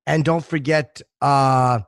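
A man co-hosting a podcast in casual chat, tired and low-key, speaking hesitantly with many fillers. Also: fairly even intonation, slow pace, no room sound, studio quality. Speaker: podcast co-host.

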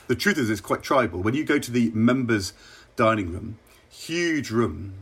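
A middle-aged man from England, a former minister, telling wry, measured stories in an interview. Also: medium pitch, lively intonation, breathy edge. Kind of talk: relaxed interview anecdotes.

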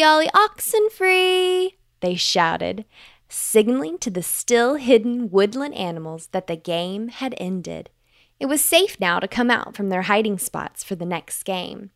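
A woman narrating a bedtime story for children, gentle, clear and unhurried. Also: mid-range voice, no room sound, studio quality.

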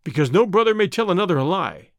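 A bold young outlaw answers calmly and quick-wittedly, played by a male audiobook narrator. His delivery is steady and unruffled, with a dry, close sound and a lively rise and fall in pitch. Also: no echo. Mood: cool. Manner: calm, quick-witted replies. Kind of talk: audiobook character reading.

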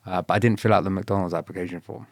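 A man recounts his past in a relaxed interview, swearing freely and laughing as he acts out the people he quotes. His voice sits on the low side. The sound is dry and close to the mic. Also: racing, no room sound. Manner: laughs often, swears, quotes others in retold dialogue. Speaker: guest. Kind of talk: casual interview storytelling.

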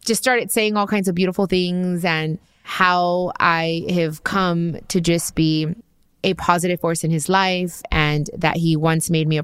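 A woman host casually telling a personal story, chatty and animated, full of asides and quoted dialogue. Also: low voice, clear, resonant tone, dry recording, clean studio sound. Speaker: podcast host.

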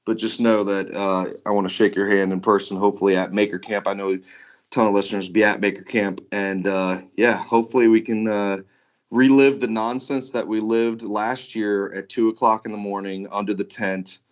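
A man's voice: flat delivery, moderate pace, highs cut off. Profane, jokey podcast co-host man. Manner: loose, profane, jokey, mocking high voices for bits. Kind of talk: casual chat.

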